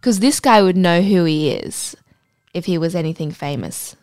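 A woman co-hosting a podcast, reading a listener's story aloud in a dry, deadpan way and adding blunt asides. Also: fairly low pitch, moderate pace, no room sound. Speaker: podcast co-host.

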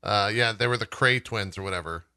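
A man co-hosting a podcast, laid-back in casual chat and quick to laugh along. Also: on the low side, pushed and bright, smooth, no room sound, clean studio sound. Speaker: podcast co-host.

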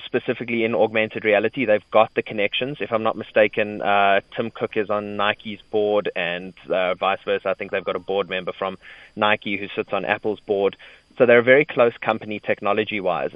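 A man, a tech blogger, explaining at length in a relaxed way on a radio show. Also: on the low side, no echo, dull audio.

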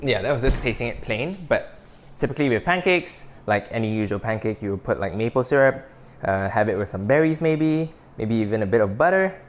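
A man's voice: mid-range voice, a little fast, a little hiss or hum. A man hosting a casual cooking podcast, cooking and tasting as he talks and often breaking into delighted exclamations. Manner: excitable, bursts into delighted exclamations. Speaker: cooking show host.

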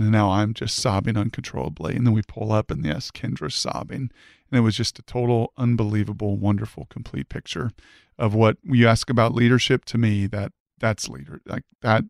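A man's voice: medium pitch, vocal fry, no echo, studio quality. A man, a former football player, telling an emotional personal story as a podcast guest, earnest and fervent, often restarting his sentences.

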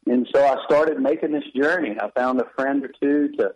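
A man's voice: mid-range voice, normal speed, darkish tone, slight background noise, rough recording. A man, a pastor and author, telling a candid, confessional personal story in a radio interview with wry self-deprecating humor.

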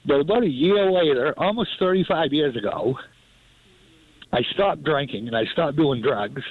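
A man's voice: a little high, moderate pace, slightly rough, no room sound. A man calling in to a radio show, talking in an earnest, rambling way. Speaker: caller. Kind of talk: call-in chat. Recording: tinny dry phone line.

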